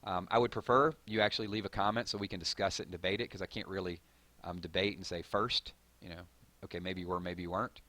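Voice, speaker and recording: A man with a Southern drawl hosting a live stream, reading viewer comments and hyping up his audience in a rambling, excitable way. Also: low-pitched, fast. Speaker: gaming channel host.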